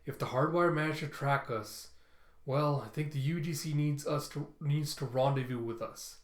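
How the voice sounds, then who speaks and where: A man's voice: on the high side, normal speed, lightly acted. A man voicing a nervous, sly male scientist who talks in a wheedling, jumpy way, in a comic read-aloud. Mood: insistent. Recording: roomy echo.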